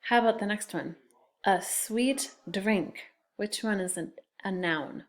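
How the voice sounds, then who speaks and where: Slow, patient woman teaching second graders. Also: mid-range voice. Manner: slow, patient, sounds words out letter by letter. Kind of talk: recorded classroom phonics lesson.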